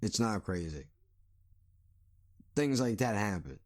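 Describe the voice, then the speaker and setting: A man's voice: on the low side, sing-song, slow pace. A man hosting a solo podcast, ranting bluntly and sarcastically with plenty of swearing. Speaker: podcast host.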